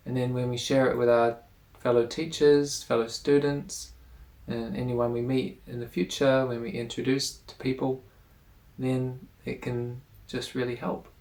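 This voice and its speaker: Slow, unhurried male pronunciation teacher. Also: medium pitch, level tone, darkish tone, rough recording. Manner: unhurried, repeats words slowly for the listener to say along. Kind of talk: relaxed video lesson on pronunciation.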